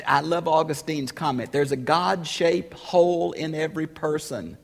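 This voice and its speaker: A man preaching a sermon, emphatic and building to loud rhetorical questions. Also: fairly high pitch, a little slow, vocal fry, big-room sound.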